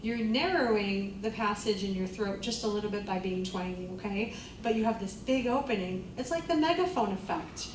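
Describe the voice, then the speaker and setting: A woman's voice: medium pitch, normal speed, hardly any pauses, noisy background. A woman vocal coach leading a group singing class, encouraging the students and singing vowels to demonstrate. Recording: roomy, distant mic, loud music.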